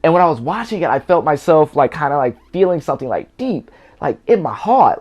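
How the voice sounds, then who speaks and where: A man in his twenties giving a casual reaction review at home, chatty and excitable, rambling with lots of fillers. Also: on the high side, a little fast, few pauses, breathy edge, highs cut off. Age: 20s. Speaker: movie reviewer.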